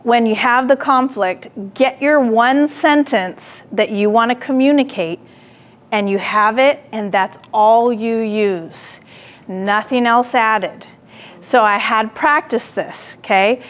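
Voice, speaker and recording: A woman gives a lecture with a voice a little higher than most. She tells a personal story with animation, acting out what she said herself. She turns to the listeners with direct questions. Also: slow pace. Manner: animated storytelling, acting out her own quoted lines; asks the audience direct questions.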